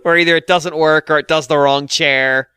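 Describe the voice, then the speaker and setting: A man hosting a podcast, chatting casually with quick jokes and asides. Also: on the high side, clear, resonant tone, dry recording, studio quality. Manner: animated, jokey, quick asides and impressions. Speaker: podcast host. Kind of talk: casual comedic podcast chat.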